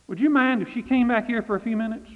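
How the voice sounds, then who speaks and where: A man voicing a fussy, anxious woman hostess, in a higher, flustered tone. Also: sing-song, normal speed, heavily acted. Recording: phone-like reverberant recording.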